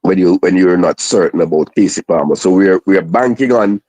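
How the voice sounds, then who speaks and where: A man joining a call as a guest, speaking in a measured, hesitant way with restarts. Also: low voice, lively intonation, a little mellow, no echo, rough recording. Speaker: guest analyst. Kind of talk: casual football chat.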